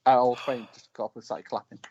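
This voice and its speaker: A man with a British accent, a wrestler telling ring stories in casual chat, animated and breaking into shouted lines. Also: mid-range voice, quick pace, husky. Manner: animated, shouts quoted lines mid-story. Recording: dull lo-fi call audio.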